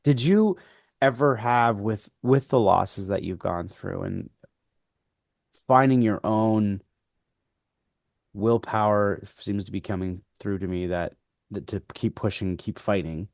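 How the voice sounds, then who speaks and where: Low-voiced man asking gentle questions. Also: takes it slowly, vocal fry, pauses often, dry recording, studio quality. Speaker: podcast host. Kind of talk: interview questions.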